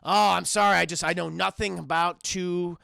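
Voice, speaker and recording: A man voicing a creepy, falsely polite middle-aged mad scientist who talks with mock courtesy and bursts into indignant shouts. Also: high voice, steady tone, moderate pace, vocal fry, no room sound, studio quality, voice pushed down, exaggerated voice. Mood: evasive.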